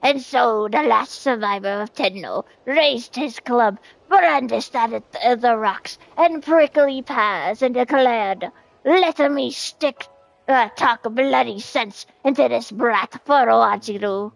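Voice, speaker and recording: A woman voicing a solemn male cactus warrior who chronicles events, in a slow, odd storytelling voice while playing a game on stream. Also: fairly high pitch, creaky, dry recording, low-quality recording.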